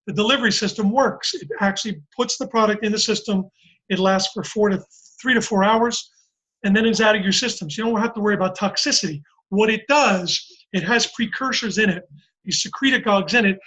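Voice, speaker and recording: Guy talking fast on a call, high voice, acts out little stories. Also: highs cut off. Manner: animated, storytelling, acts out quotes. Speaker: presenter on a group call. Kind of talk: casual sales pitch. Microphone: call microphone.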